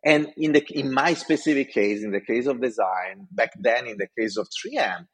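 Passionate man, husky voice. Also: medium pitch, moderate pace. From Italy. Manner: passionate, animated. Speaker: design executive speaker. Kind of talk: storytelling talk.

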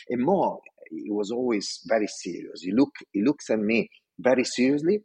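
Italian guy telling a work story all fired up, kinda husky deep-ish voice. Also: very animated, normal speed, darkish tone. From Italy. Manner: passionate, acts out quoted dialogue. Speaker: design executive telling a career story. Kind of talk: animated storytelling.

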